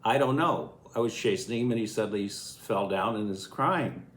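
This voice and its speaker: A man's voice: on the low side, moderate pace, fairly bright tone, lightly acted. An elderly man voicing a flustered twelve-year-old girl, answering defensively in a raised voice. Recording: echoey room.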